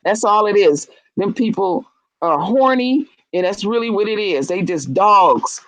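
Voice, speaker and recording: A woman's voice: mid-range voice, expressive, measured pace, no room sound, low-quality recording. A woman in casual chat, telling stories bluntly and animatedly with frank, salty language.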